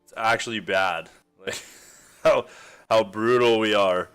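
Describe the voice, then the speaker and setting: Western Canadian man, low, smooth voice. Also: fairly even intonation, a little slow, a bit bright, faint music behind. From Alberta, Canada. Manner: rambling, filler-heavy, chuckles often. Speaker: streamer chatting with viewers. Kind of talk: casual stream chat.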